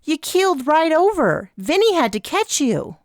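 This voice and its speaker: A cheeky, talkative young woman who chatters along in a brighter, higher voice, as a woman narrator does her. She sounds playful and easygoing. The reading is close and dry. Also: sing-song, measured pace, dry recording, exaggerated voice. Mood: chatty.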